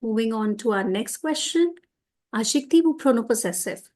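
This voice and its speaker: A woman teaching French grammar for a school exam, explaining each answer step by step and slowing down on the French. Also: a little high, expressive, darkish tone. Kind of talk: exam revision lesson.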